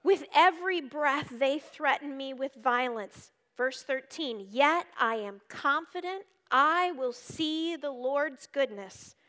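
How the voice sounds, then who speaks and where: A woman giving an earnest devotional teaching, reading scripture aloud and explaining it, shifting between urgent emphasis and hushed tones. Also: high voice, animated, slow pace, hardly any pauses. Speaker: speaker at a church gathering. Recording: reverberant hall.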